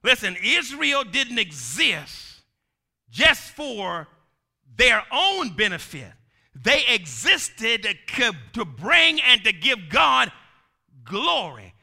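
A male preacher delivering a sermon, emphatic and repetitive, swinging from shouted lines down to low, quiet ones. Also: sing-song, slow, creaky. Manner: emphatic, rising to shouts then dropping low; repeats lines for the congregation to say.

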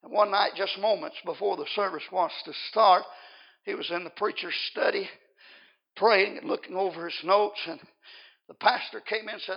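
A man preacher delivering a revival sermon who rises to loud, shouting exhortation, on a dull lo-fi recording. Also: high voice, fairly even intonation, normal speed, vocal fry.

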